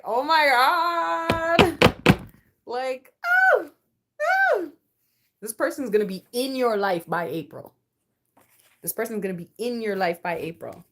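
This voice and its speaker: A young woman giving a casual collective tarot reading. She is slangy and playful, and her voice swings between low and high. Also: slight background noise. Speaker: tarot card reader.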